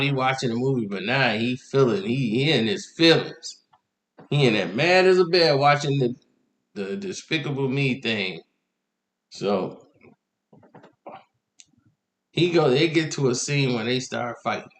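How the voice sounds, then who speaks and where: A young man telling a comic dating story in a slangy, animated way, laughing often. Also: medium pitch, measured pace, long pauses. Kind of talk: comedic storytelling. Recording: echoey room.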